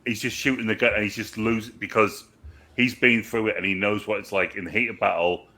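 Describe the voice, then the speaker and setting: A man co-hosting a movie review show, chatting casually and jumping in eagerly with quick remarks. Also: fairly low pitch, fairly even intonation, sharp tone. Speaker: movie review podcast co-host. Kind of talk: casual chat.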